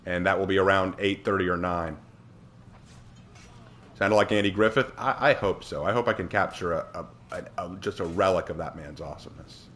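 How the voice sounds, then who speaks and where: A man's voice: sits low, normal speed, a bit bright, a little hiss or hum. A man from the Southern United States streaming a game, chatting casually with viewers and answering their messages, often repeating and restarting his words. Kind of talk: casual live-stream chat while gaming.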